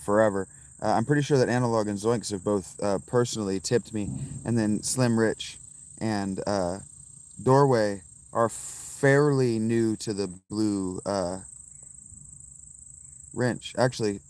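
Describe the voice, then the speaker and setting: A man in his fifties rambles casually to his livestream viewers, reading out their names as he goes. His voice sits a little low, and he talks from a phone outdoors with crickets chirping behind him. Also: darkish tone, smooth, dry recording. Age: 50s. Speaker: livestream host. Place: outdoors by a fountain.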